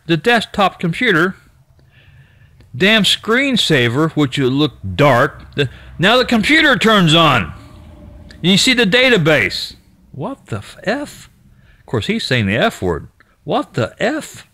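A man's voice: a little high, bright, forceful tone, no echo. A man casually retelling what another person found in an abandoned store, rambling with restarts and mild cursing. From United States. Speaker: YouTube storyteller.

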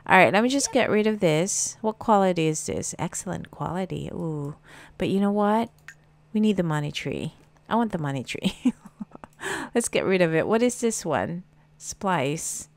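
A woman's voice: fairly low pitch, lively intonation, normal speed, creaky, dry recording. A woman giving casual gameplay commentary, chatting to her game characters with plenty of fillers. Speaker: gameplay streamer.

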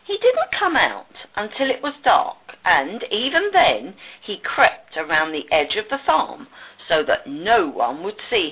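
Here a woman with a mid-range, slightly rough voice reads from a children's picture book, taking her time and telling the story expressively. The audio has a thin, phone-like quality.

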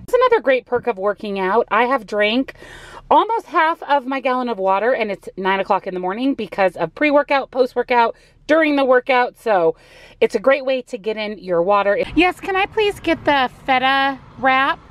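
Upbeat chatty woman vlogging. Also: fairly high pitch. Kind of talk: casual vlog narration. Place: car in a parking lot and an office.

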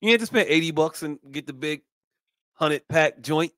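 Profane, animated podcast co-host. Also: male voice, fairly high pitch, moderate pace, no echo. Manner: animated storytelling, profane, slangy. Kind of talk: casual podcast chat, reading texts aloud.

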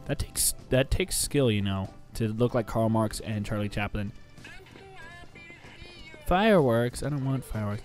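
A man's voice: lowish voice, expressive, measured pace, pauses often, a little mellow. A man giving casual, rambling, jokey let's play commentary, often talking back to the game. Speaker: gameplay commentator. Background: game music.

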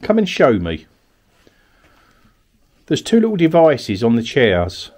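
On a night-time ghost hunt in an abandoned cottage, a paranormal investigator from Kent, England, narrates as he goes, coaxing unseen spirits with polite questions and pleas. His slightly mellow voice swings hugely from high to low, and his pace is slow.

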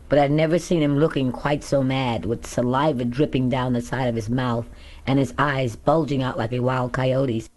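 A woman with a very deep, warm voice narrates her own memoir as an audiobook. She tells it openly, in the first person, the way an author shares her life story.

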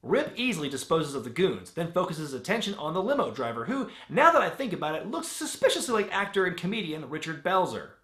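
A man's voice: on the high side, big pitch swings, fairly quick, few pauses, a bit bright. A man hosting a comedic movie review, narrating in a sarcastic, wisecracking way. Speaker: host. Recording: roomy with music bed.

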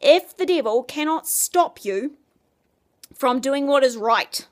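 A woman's voice: high voice, expressive, slow. A woman giving an earnest, conversational Christian devotional talk. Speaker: Christian speaker.

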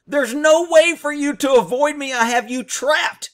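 A man's voice: very high-pitched, unhurried. A man hosting a commentary on a training video, talking bluntly and combatively in short, punchy explanations.

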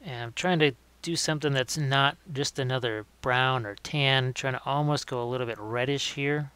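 Smooth-voiced man demonstrating painting. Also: medium pitch, normal speed, dry recording. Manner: relaxed, thinking aloud while working, self-correcting. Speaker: miniature painting instructor. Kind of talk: live-streamed painting demonstration.

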